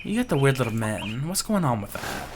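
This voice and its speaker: A man's voice: mid-range voice, sing-song, fairly quick, background noise. A man giving casual, joking, profane commentary while playing a story game. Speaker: streamer playing a narrative game.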